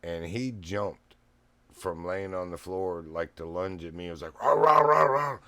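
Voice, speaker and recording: A middle-aged man streams from his home living room, laughing frequently as he wanders through a folksy tale in casual chat. He talks at a measured pace in a deep voice with fairly even intonation, picked up by a streaming mic.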